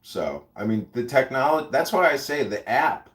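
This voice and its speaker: A man's voice: medium pitch, expressive, moderate pace, a bit bright. A man chatting casually and rambling through stories with many likes and you-knows. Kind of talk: casual chat. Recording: roomy echo.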